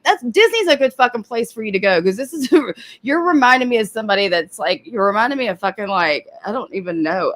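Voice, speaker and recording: A woman's voice: mid-range voice, a bit bright. A woman hosting commentary on a live stream, sarcastic and often laughing, with casual swearing.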